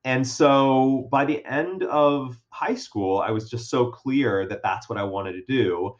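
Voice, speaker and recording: A man's voice: mid-range voice, slow pace. Chatty man with a muffled lo-fi sound. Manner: animated, self-deprecating, many fillers and restarts. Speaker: guest. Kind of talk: casual storytelling chat. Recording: dull lo-fi sound.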